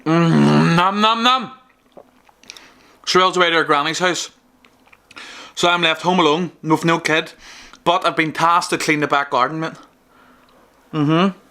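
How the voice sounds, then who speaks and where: A man's voice: a little high, level tone, normal speed, long pauses, sharp tone. A young man with a Northern Irish accent, chatting casually in a vlog, swearing often and calling the viewer mate. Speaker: fitness vlogger. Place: outdoors after the gym, then at home.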